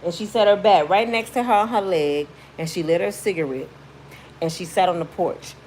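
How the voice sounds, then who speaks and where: Speaking at a moderate pace in a lowish voice, this woman vlogger narrates a story with slangy, blunt, emphatic flair, and a faint hiss or hum sits under the recording. She gets animated and shrieks out other people's lines as she acts them out.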